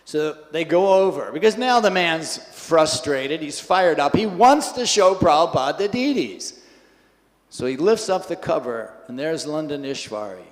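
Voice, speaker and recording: A man giving a scripture class in a temple hall, telling an anecdote in a lively way and acting out the quotes. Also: fairly high pitch, unhurried. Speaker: class speaker.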